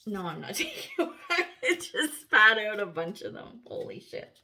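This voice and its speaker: A woman giving a casual tarot reading to camera, chatty and animated, swearing freely and laughing often. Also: mid-range voice, normal speed, creaky. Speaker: tarot reader.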